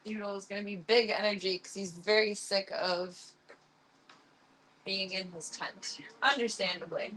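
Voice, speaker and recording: A woman's voice: mid-range voice, fairly even intonation, measured pace, a bit bright, a little hiss or hum. A woman streaming casually from her workplace, chatting and cooing in baby talk to the animals she looks after. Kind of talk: casual live-stream chat.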